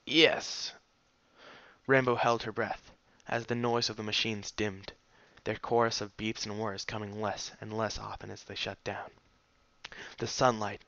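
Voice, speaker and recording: A man's voice: lowish voice, flat delivery, moderate pace, a bit bright, no room sound, dull audio. A man steadily reading a fan fiction story aloud as its narrator.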